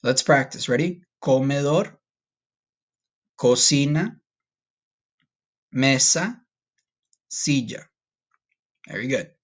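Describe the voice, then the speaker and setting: A man teaching a recorded Spanish vocabulary lesson, patient and upbeat, slowing down to repeat each word. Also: mid-range voice. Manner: patient, slow repetition drills with upbeat asides.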